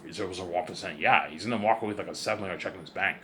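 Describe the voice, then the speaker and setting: Fast-talking boastful man rambling. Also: sits low, bright, forceful tone, a little hiss or hum. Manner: repetitive, boastful, self-assured. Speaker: vlogger. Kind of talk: rambling casual monologue.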